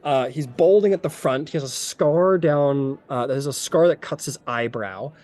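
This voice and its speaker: A man's voice: medium pitch, moderate pace, a little mellow. A man running a tabletop game as game master, rambling and descriptive with many fillers.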